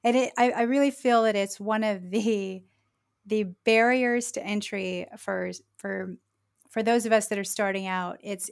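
A woman's voice: mid-range voice, smooth. A woman hosting a podcast, affirming her guest and thanking her in casual interview talk. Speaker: podcast host.

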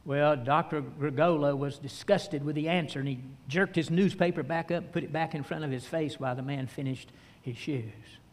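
Older male preacher, folksy sermon storytelling, slightly high voice, long hall reverb. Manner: folksy storytelling with fillers and pauses.

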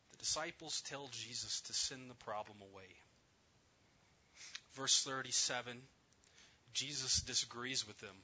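A man preaching a sermon, retelling a scripture story with emphasis and dropping at times to a soft, near-whispered voice. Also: mid-range voice, highs cut off, a little hiss or hum.

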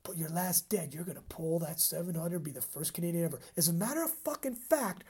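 A woman hosting a casual chat, telling a story in an animated way, swearing freely and acting out her own reactions. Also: lowish voice, brisk, slightly rough. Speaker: podcast host and powerlifting commentator.

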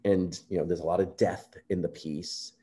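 A man being interviewed, telling a personal story in an earnest, animated way and acting out quoted remarks. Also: low voice, moderate pace. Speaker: composer guest.

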